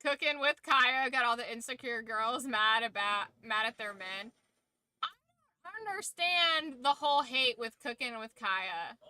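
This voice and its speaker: A woman's voice: on the high side, animated, measured pace, bright, forceful tone, clean tone, no room sound, low-quality recording. A woman streamer chatting casually with her viewers, rambling and chatty, swearing freely and trailing off mid-thought. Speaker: streamer hosting a watch-along. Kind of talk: casual live chat.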